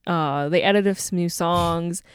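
A woman's voice: lowish voice, slow pace, clear, resonant tone. A young woman co-hosting a podcast at home, telling a story in a casual chat with frequent giggles. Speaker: podcast co-host.

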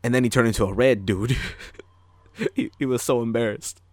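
A man's voice: mid-range voice, steady tone, a little fast, a little mellow, no room sound, studio quality. A man chatting casually and telling a story, acting out voices and swearing as he goes. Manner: storytelling with acted-out voices, swearing, laughing often. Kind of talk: casual chat.

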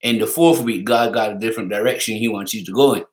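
A middle-aged man with a fairly low voice co-hosts a podcast, telling family stories at a quick pace. He's laid-back and laughs through his anecdotes in casual chat, and the recording has a roomy echo.

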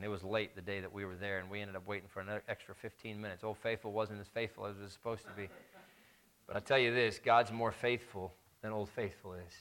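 A man's voice: fairly low pitch, a bit bright. A man preaching a sermon, telling a story and leading a prayer, with emphatic repetition of key phrases.

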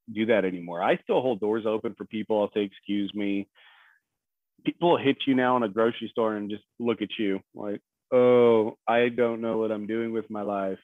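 Guest, man, lowish voice, phone-like dry line, blunt and gruff. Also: no echo. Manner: blunt, gruff, laughs at himself. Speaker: podcast guest. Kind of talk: casual chat.

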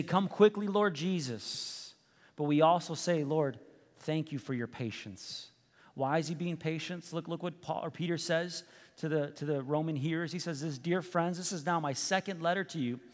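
A male pastor preaching in a casual, joking way, stumbling and restarting as he goes. His voice sits a little high for a man. The sound carries a long reverb from a large church hall. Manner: conversational, joking, restarts often. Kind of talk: sermon.

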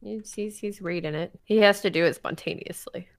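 A woman's voice: on the low side, moderate pace, creaky. A woman chatting casually on a voice call, wry and laid-back, swearing easily. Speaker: guest, joking co-host. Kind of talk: casual chat. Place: home, on a voice call.

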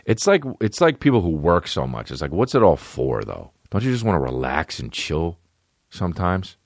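A man in his thirties with a deep, low-pitched voice tells a podcast story in a loose, profane, self-mocking way. His delivery wanders and restarts, and he is recorded close with no room sound. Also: big pitch swings, moderate pace, no room sound. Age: 30s. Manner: profane, rambling, self-deprecating. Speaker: podcast host. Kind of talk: casual comedic storytelling.

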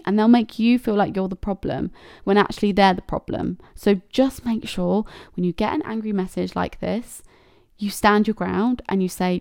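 A woman's voice: medium pitch, steady tone, moderate pace, creaky, darkish tone, dry recording, clean studio sound. A woman hosting a casual advice monologue, candid and blunt, swearing freely and acting out quoted messages. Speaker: podcast host.

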